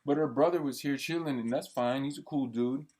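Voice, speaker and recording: A man's voice: mid-range voice, fairly quick, darkish tone, husky. Heated profane young man venting. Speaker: vlogger. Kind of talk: venting monologue.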